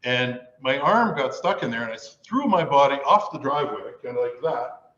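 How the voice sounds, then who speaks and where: A man's voice: medium pitch, animated, moderate pace, fairly bright tone, highs cut off. A man telling a self-mocking comic story to a live audience, acting it out as he goes.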